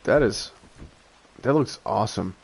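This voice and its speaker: A young man giving casual gameplay commentary, excitable and quick to rant when things go wrong. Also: lowish voice, vocal fry, a little hiss or hum. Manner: excitable, frequent exclamations, frustrated rants. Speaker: gaming YouTuber.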